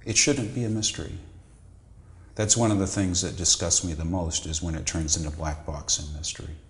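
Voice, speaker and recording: A middle-aged man with a deep, low voice explains medical ideas in a measured, lecturing way. He pauses and restarts now and then as he builds his points. The room around him is echoey. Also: steady tone. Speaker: psychiatrist guest. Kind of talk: explanatory interview answers.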